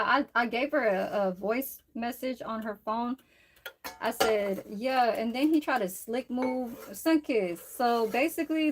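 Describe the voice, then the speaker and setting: Woman livestreaming from her kitchen, loose and profane, chatting to viewers, voice a touch high. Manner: rambling, profane storytelling to chat. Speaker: livestream cook. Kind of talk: casual livestream chat while cooking.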